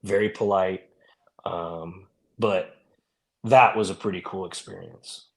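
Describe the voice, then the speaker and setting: A man's voice: deep voice, fairly even intonation, slow pace. A man, a former police officer, telling stories in a casual, rambling way with many fillers. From California. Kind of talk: storytelling in a podcast interview.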